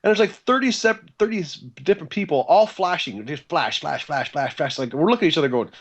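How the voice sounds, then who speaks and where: A man, a guitarist being interviewed, telling stories in a casual, animated way and acting out the dialogue he quotes. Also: on the high side, fairly quick, muffled recording. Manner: animated, acts out quoted dialogue, chatty with fillers. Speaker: guest guitarist.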